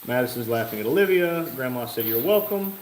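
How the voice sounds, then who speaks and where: A man's voice: medium pitch, lively intonation, a little fast. A man hosting a live stream from a garage workshop, reading chat comments aloud with casual, wry asides. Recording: echoey room with faint noise.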